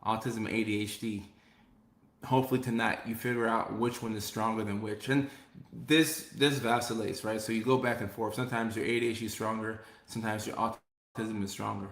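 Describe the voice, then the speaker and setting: A man's voice: on the low side, little pitch movement, fairly quick, a bit bright, roomy sound. A man hosting a casual live stream as a comedian, reading viewer comments aloud in an upbeat way and repeating his phrases.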